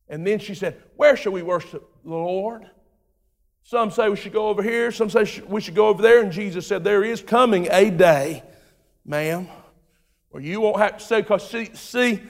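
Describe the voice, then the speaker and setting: A man preaching a sermon, telling a story in a relaxed way, acting out its voices and building to shouted preaching. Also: high-pitched. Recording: long hall reverb.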